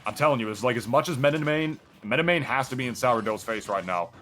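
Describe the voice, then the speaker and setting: A man commentating a fighting-game match in a casual, excitable, joking way, full of "like". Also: mid-range voice, fast, slight background noise. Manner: excitable, joking, chatty with filler "like". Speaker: esports commentator.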